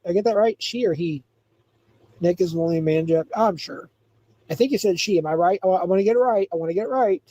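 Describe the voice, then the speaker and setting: A man's voice: sits high, warm tone. A man hosting a livestream, chatting casually, rambling, reading chat aloud and laughing often. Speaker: livestream host.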